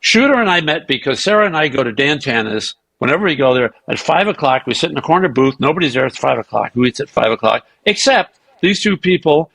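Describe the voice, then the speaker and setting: A man as a podcast guest, telling animated anecdotes and acting out the dialogue of others, sometimes profane and self-mocking. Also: mid-range voice, fast talker, gravelly, hardly any pauses, husky, no echo, rough recording. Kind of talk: casual storytelling interview.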